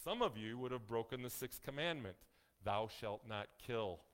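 A male pastor preaching a sermon in a folksy, joking way, slowing down to stress key phrases. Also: mid-range voice, expressive, clear, resonant tone. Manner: folksy, joking asides to the congregation; emphatic, slows down on key phrases.

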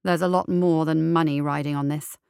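Brief: woman narrator doing a menacing storybook minister, measured threats, dry close sound. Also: low voice, fairly even intonation, gravelly, a little mellow, smooth, no room sound. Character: scheming male minister, commanding and menacing.

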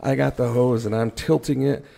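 A man telling a firefighting story in a casual podcast chat, animated and joking at his own expense. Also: mid-range voice, moderate pace, creaky. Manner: animated, acts out his own panicked thoughts, jokes at himself.

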